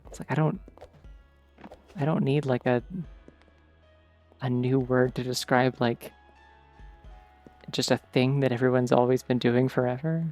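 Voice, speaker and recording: While gaming, a male streamer talks casually, drifting between thoughts and leaning heavily on "like." His mid-range, gravelly voice has some vocal fry, a steady tone and a measured pace with frequent pauses, over soft, faint game music.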